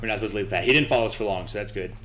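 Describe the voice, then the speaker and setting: A man's voice: fairly low pitch, racing, heavy background noise. A young man commentating his own horror game playthrough, nervous, swearing and talking to himself and to the game. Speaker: gaming channel host.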